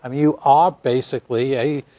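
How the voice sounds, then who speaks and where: A man's voice: medium pitch, fairly even intonation, moderate pace, noisy background. A man who is a guest in a casual interview, talking in a reflective, agreeable way.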